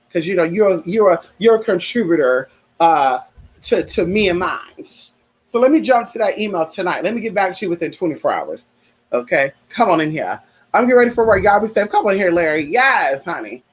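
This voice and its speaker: High-pitched man, sassy livestream host, calls folks honey, earnest and heartfelt about grief. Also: husky, rough recording. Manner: sassy, chatty, calls listeners honey and girl. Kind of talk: casual livestream chat.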